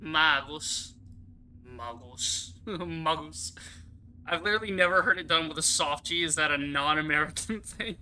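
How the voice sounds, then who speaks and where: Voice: mid-range voice, quick pace, hardly any pauses, sharp tone, low-quality recording. A gaming streamer giving casual live commentary, rambling, swearing freely and laughing often.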